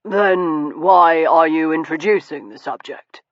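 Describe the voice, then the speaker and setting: A man's voice: on the high side, slow, no echo. An actor voicing a laconic, brooding Victorian naturalist man in an audiobook, dry in manner and turning wistful. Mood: wry. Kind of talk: audiobook character dialogue. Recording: dull, muffled studio recording.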